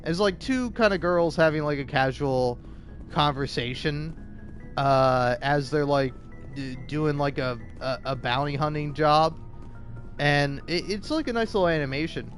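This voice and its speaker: Male gaming host, profane rambling rant with loud bursts, slightly high voice, faint music underneath. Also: measured pace. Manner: heavy swearing, filler-laden, escalating into loud outbursts.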